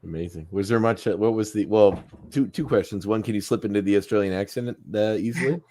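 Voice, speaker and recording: A man hosting a casual interview, asking halting questions full of restarts. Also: fairly low pitch, warm tone, a little hiss or hum. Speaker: podcast host.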